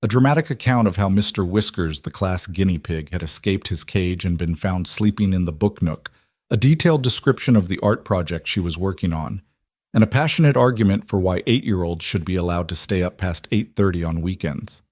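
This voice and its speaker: A man reading a scripted story aloud as narrator, in an even storytelling voice. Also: sits low, a little fast, dry recording, studio quality.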